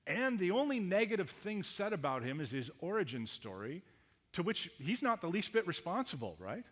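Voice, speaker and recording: A Canadian man preaching a sermon as a pastor, telling the story in a lively way, speaking to the kids in the room and acting out voices. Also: high-pitched, moderate pace. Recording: reverberant hall.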